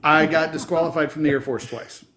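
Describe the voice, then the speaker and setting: A man's voice: a little high, steady tone, a little fast, a crowd in the background. A man in casual chat, recalling being turned down by the military in a dry, self-deprecating way. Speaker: podcast co-host.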